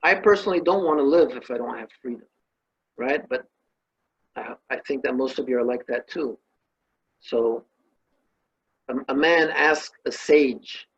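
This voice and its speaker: Husky man teaching, lo-fi sound. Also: medium pitch. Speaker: spiritual teacher. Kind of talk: talk on consciousness with a parable.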